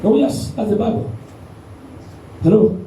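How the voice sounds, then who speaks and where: A man preaching a sermon with animated call-and-response, recorded in a church hall with the mic at a distance. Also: high-pitched, unhurried, slight background noise. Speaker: pastor. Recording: echoey room, mic at a distance.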